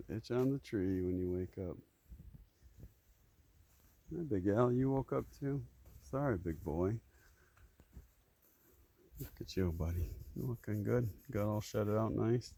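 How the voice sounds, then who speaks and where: Farmer, male, soft doting pet talk outdoors; gravelly, warm-dark voice. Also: lowish voice, slow pace, long pauses. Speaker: farmer talking to his animals. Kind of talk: casual chat to animals. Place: outdoors on a farm, shady pasture.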